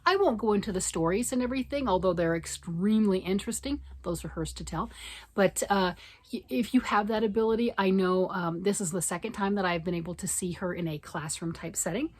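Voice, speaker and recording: A woman's voice: mid-range voice, a little fast, a little mellow. A middle-aged American woman chatting enthusiastically to camera in a knitting vlog, with lots of fillers and restarts. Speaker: knitting vlogger. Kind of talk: casual chat to camera.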